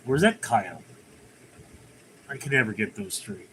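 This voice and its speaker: A man's voice: on the low side, very animated, moderate pace, sharp tone, a little hiss or hum. A man hosting his own livestream, chatting casually, rambling through jokes and reading viewer comments aloud from his computer at home. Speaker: livestream host.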